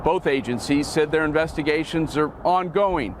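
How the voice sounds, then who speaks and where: Higher-voiced male news reporter. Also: normal speed, a little hiss or hum. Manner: formal, even delivery. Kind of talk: scripted news narration.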